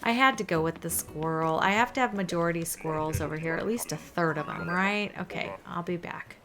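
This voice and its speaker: A woman chatting casually as she plays through a video game, trailing into soft asides. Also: fairly low pitch, fairly quick, over music. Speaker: gaming video host.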